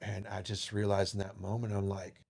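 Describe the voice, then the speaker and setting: A man guest on a podcast, telling an emotional personal story, who swings from loud and animated to hushed and tearful and swears casually. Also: on the low side, normal speed, vocal fry, slightly rough. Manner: swears casually, calls listeners dude.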